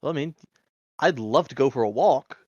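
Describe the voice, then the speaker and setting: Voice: medium pitch, lively intonation, normal speed, no room sound. A player in a tabletop game speaking in character with a haughty, drawling manner, on a dull muffled mic.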